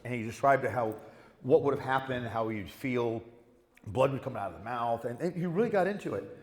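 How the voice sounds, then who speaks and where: Speaking at a moderate pace with a medium-pitched voice, this man is a guest actor on a convention panel. He's animated, swearing through his anecdotes while playing out each character, and the hall around him echoes.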